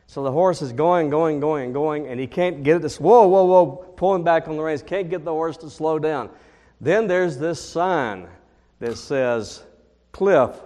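A man preaching a sermon, reading scripture, praying and telling a lively story that builds to emphatic questions. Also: a little high. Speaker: pastor. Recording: long hall reverb.

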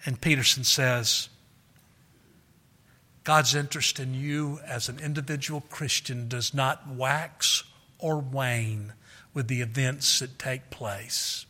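A man's voice: mid-range voice, pushed and bright, big-room sound. A man preaching a sermon in an earnest way, often repeating words and raising his voice to act out quotes. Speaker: pastor.

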